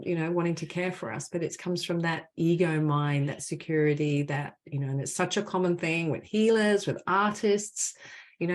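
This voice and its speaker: A woman speaks in a low, calm voice as she guides listeners through a healing session. She sounds gentle and affirming, and she often checks in with a soft "right?". She comes across as a spiritual mentor talking on an online call. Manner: gentle, soothing, affirming, with many "right?" tags. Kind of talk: guided group clearing session. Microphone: online video call.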